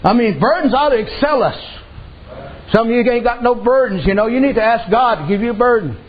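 High-voiced folksy preacher man, lo-fi. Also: lively intonation, a little fast. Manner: folksy storytelling preaching with repeated amens. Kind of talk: sermon. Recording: dull lo-fi recording.

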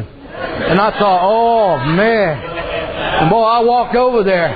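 A man's voice: high-pitched, slow pace, crowd noise. A man preaching a sermon in a folksy storytelling way, often adding "amen" and "I said". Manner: folksy, repeats "amen" and "I said", uses dialect. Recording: dull lo-fi sound.

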